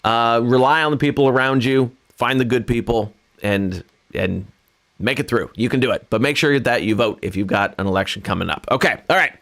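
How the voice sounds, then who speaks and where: A mid-range, a bit bright voice moves at a brisk clip as this Californian man hosts a livestream from home. He plays guitar, faint in the background, and talks in a rambling, earnest, self-deprecating way with many restarts.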